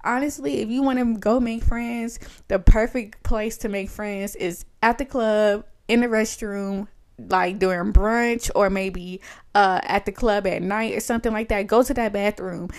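A woman's voice: mid-range voice, steady tone, measured pace. A woman in her thirties hosting a podcast, ranting in a blunt, profane, emphatic casual style. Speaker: podcast host. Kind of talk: casual solo rant.

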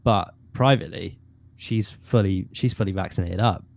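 A man, a guest actor chatting casually, animated and often laughing. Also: low-pitched, normal speed, gravelly, no echo. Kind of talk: casual chat.

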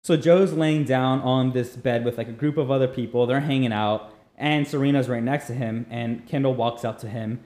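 A man's voice: medium pitch, steady tone, moderate pace, mellow. A young man co-hosting a podcast, recapping a dating show in a rambling, joking way and mimicking the people he describes. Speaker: podcast co-host. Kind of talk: casual recap chat. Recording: roomy echo.

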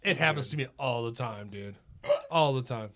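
A man's voice: mid-range voice, normal speed, sharp tone. A middle-aged man, a podcast guest, telling casual anecdotes, swearing freely and laughing often. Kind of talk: casual chat, storytelling.

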